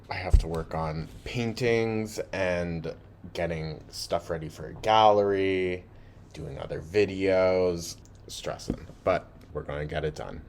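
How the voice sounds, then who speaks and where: Chatty low-voiced man hosting reactions. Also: darkish tone, a little hiss or hum. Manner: chatty, swears, laughs often. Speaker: reaction video host. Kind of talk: casual reaction commentary.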